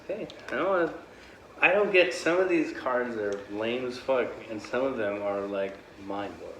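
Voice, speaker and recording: A man's voice: mid-range voice, lively intonation, normal speed. A man chatting casually with wry, joking remarks and casual swearing. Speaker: brother, co-host. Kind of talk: casual chat, wisecracks. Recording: roomy with clear background noise.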